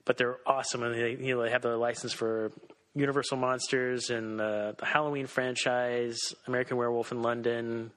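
A man co-hosting a podcast in casual chat, talking excitedly with many restarts. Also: medium pitch, a little fast, poor audio. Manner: excitable, lots of fillers and restarts. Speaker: podcast co-host.

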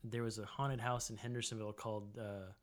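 A man's voice: little pitch movement, a little fast. Rambling man telling a casual story. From Tennessee. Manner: rambling, lots of "like" fillers, acts out quotes in a high voice. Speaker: podcast co-host.

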